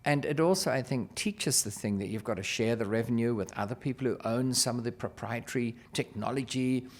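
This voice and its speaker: A man's voice: mid-range voice, brisk. A middle-aged man casually telling an anecdote as a guest, acting out the dialogue in it. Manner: lively, acts out quoted dialogue. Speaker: investor guest telling a story.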